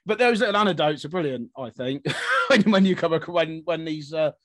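A man with a somewhat high voice, co-hosting a history podcast in casual conversation. He rambles and restarts, repeating phrases as he builds a story. The sound is close and dry. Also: animated, brisk, fairly bright tone, no room sound. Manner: loose, repetitive storytelling with many restarts.

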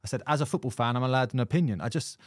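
A man hosts a podcast and banters in a matey way, often laughing as he talks. His voice is middle-pitched, recorded close and dry. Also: rapid-fire, no room sound. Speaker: podcast host. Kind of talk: casual podcast chat.

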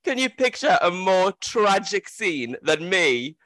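A man's voice: high voice, sing-song, slow, a bit bright, dry recording. A man in his thirties hosting a podcast, telling a story candidly and mocking himself, often laughing. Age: 30s. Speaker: podcast host. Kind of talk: casual storytelling chat.

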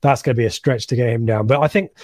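A man co-hosts a casual live stream, reading viewer comments aloud with lots of ums and restarts. His voice sits at an ordinary pitch. The sound is dry and close. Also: racing, darkish tone, no echo. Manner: rambling, many ums, reads names aloud. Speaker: co-host of a live fan stream.

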